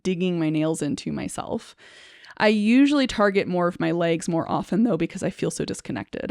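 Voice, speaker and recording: A woman's voice: fairly low pitch, smooth, no echo. Reflective woman with a dry, close sound. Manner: reflective, halting, many fillers and restarts; soft nervous laughter. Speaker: speech-language pathologist. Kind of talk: personal explanatory talk to camera.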